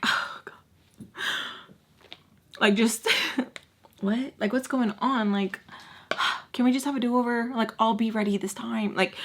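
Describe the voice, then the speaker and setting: A young woman vlogger telling a story in a casual, animated way, full of fillers and the odd curse. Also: medium pitch.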